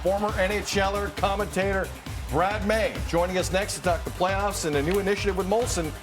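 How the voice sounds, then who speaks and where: A man hosting a morning TV show, bantering with co-hosts and reading out the next segments in a brisk, upbeat presenter manner. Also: high-pitched, steady tone, over music. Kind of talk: casual banter and show links. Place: TV studio.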